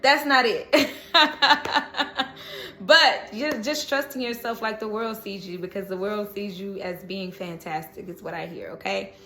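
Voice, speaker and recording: A woman's voice: mid-range voice, fairly even intonation, unhurried, bright, forceful tone, reverberant. A woman giving a casual, chatty tarot reading, encouraging and laughing often as she talks. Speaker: tarot reader.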